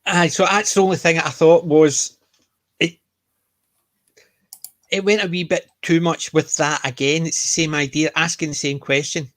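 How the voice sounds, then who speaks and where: A man with a Scottish accent, co-hosting a casual podcast chat and retelling scenes with lively energy. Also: a little high, normal speed, pauses often, no echo. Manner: chatty, animated retellings of scenes. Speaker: podcast co-host.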